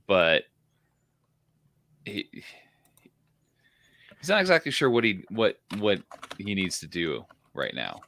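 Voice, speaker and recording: A man's voice: low-pitched, fairly bright tone, dry recording. A man playing a tabletop game who talks through his character's options with uncertainty and hedging. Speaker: player. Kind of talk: casual game chat.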